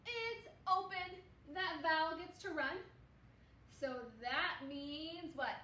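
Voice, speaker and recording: A woman teaches early reading to young children, stretching out each sound and praising often. Her voice sits high and her pace is slow and patient. The room echoes a little, and faint noise stays in the background. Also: bright, forceful tone, far from the mic. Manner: slow, encouraging, sounding out words. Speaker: second grade teacher. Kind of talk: phonics lesson for children.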